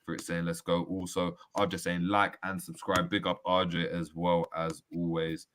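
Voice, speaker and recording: A man hosts a casual football show and tells stories in loose street slang. His voice sits low, and he reads viewer comments aloud as he goes. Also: little pitch movement, a little slow, a bit bright, slight background noise. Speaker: host. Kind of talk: casual chat about football.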